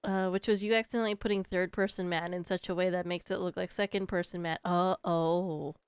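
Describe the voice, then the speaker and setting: A young woman streamer chatting casually while she plays, animated and often laughing between lines. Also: fairly low pitch, brisk, clean tone, dry recording, rough recording. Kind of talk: casual chat while gaming.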